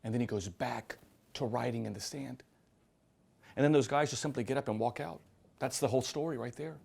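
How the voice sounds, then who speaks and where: A priest preaches to a live audience in a mid-range, gravelly voice with a breathy edge, speaking fairly quickly. He tells stories with acted-out quotes, shifting between loud emphasis and hushed, quiet lines.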